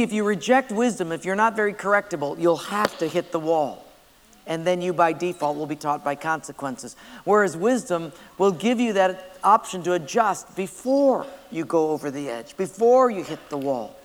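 A man preaching a sermon, telling stories and driving his points home emphatically. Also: a little high. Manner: storytelling, emphatic. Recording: long hall reverb.

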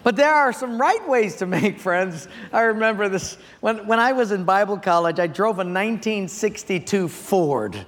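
A pastor preaching a sermon, telling stories with animation and asking the congregation questions. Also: male voice, sits high. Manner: animated storytelling, audience questions. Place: church sanctuary. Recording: long church reverb.

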